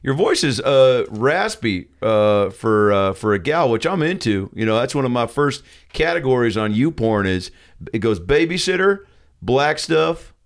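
A man's voice: mid-range voice, lively intonation, measured pace. A man playing a brash, crude older male TV doctor hosting a talk show, rambling and leering. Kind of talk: improvised comedy sketch.

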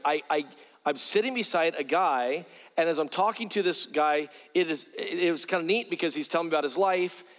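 A middle-aged male evangelist from South Carolina, preaching a sermon with stories and repeating words earnestly as he builds a point. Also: on the high side. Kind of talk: sermon with storytelling. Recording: long hall reverb.

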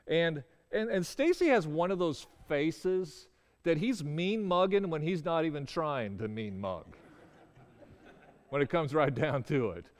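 A man's voice: fairly high pitch, lively intonation. Resonant man telling a story. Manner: halting, with stammered restarts. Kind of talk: personal storytelling. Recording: long reverberant hall.

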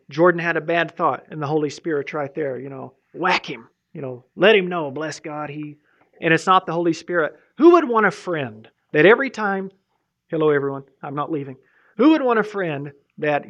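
A man's voice: fairly high pitch, fairly bright tone. A male pastor preaching a sermon in a loose, rambling way, full of asides and restarts. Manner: rambling, informal, many fillers and restarts. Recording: muffled lo-fi recording.

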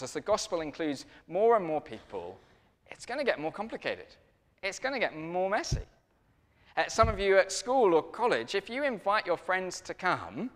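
A man preaching a sermon in a lively, conversational storytelling way. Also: a little high, big-room sound.

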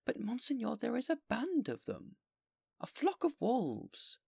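A man's voice: high-pitched, wildly swooping pitch, a little slow, vocal fry, dark tone, slightly rough, no room sound, studio quality, pitched above the performer's own voice, full character voice. A man voicing a fearful, frantic town mayor who pleads in alarm. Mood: anxious pleading.

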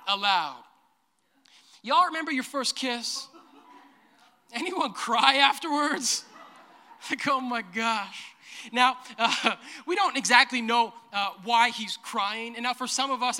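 A man preaching a humorous sermon as a pastor, playful and jokey, acting out characters in quick asides. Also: high-pitched, pushed and bright. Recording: long hall reverb.

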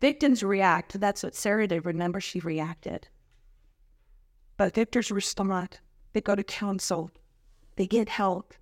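A woman speaking at a women's church conference, preaching with humor, laughing often and jumping into high mocking voices. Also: measured pace, long pauses, dry recording, clean studio sound.

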